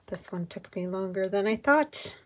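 A woman's voice: mid-range voice, expressive, normal speed, slight background noise, low-quality recording. A woman vlogger giving casual running commentary as she crafts, thinking aloud in a chatty, meandering way. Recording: paper crinkling and clicks behind voice.

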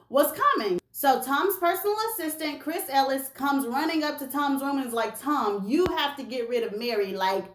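A woman's voice: high-pitched, a bit bright, roomy sound, a little hiss or hum. A woman hosting a gossip video, telling a story to camera in a sassy, slangy way and acting out the voices of the people in it.

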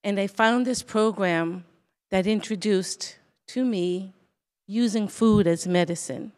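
Older woman, grandmother, unhurried, earnest opening blessing. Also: mid-range voice, darkish tone. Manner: slow and earnest. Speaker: elder giving opening blessing. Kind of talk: spoken blessing and testimony.

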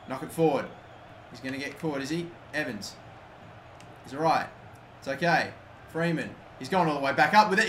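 Excitable young man, swearing gameplay commentary. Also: fairly high pitch, quick pace. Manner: excitable, swears, swings between yelling and muttering. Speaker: gaming YouTuber. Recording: echoey room, faint ambient noise.

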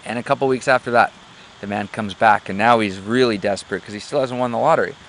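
A man with a lowish voice gives a motivational talk, halting often with fillers as he searches for words. He leans on jokes and stories to make his points, with a faint hum of background noise. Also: a bit bright. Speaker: motivational speaker.

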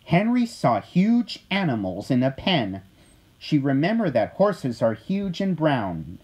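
This is a gentle, expressive reading of a children's picture book. The pace is unhurried and the voice is a little breathy. The pitch rises and falls in a singsong way. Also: poor audio. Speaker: storyteller. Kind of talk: storybook read-aloud.

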